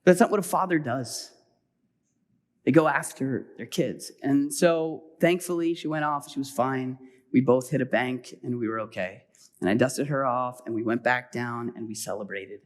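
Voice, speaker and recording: A middle-aged man preaching a sermon as pastor, telling a personal story with animated swings between loud exhortation and quiet, hurried asides. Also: mid-range voice.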